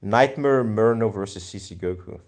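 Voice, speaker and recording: A man's voice: lowish voice, normal speed, a little mellow. A young man with a Greek accent chatting casually on a live stream, reading viewer comments and thinking aloud in a laid-back, slangy way. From Greece.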